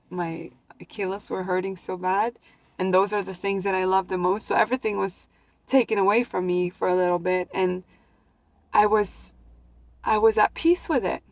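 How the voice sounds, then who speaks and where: A young woman vlogger tells a personal story to the camera, earnest, heartfelt and near tears, often starting her sentences over. Her voice is mid-range, with no room sound.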